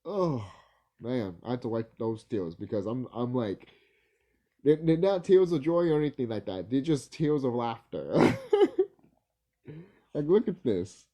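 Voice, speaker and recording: A man's voice: medium pitch, very animated, unhurried, pauses often, warm tone. A man vlogging casually, rambling and swearing, laughing easily and stumbling over his words. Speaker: video creator.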